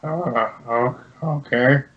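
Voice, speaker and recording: A man playing a tabletop game, answering hesitantly and haltingly. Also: mid-range voice, lo-fi sound. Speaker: player.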